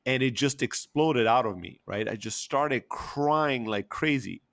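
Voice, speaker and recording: A man's voice: mid-range voice, unhurried, vocal fry, a bit bright. A man telling an emotional personal story candidly, with frequent fillers and the odd swear word.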